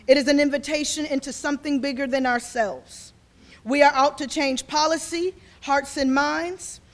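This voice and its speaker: A woman in her forties, a community organizer, speaking to an audience in a fervent, rambling way and repeating herself as she builds. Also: high voice. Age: 40s. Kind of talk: impassioned speech to an audience.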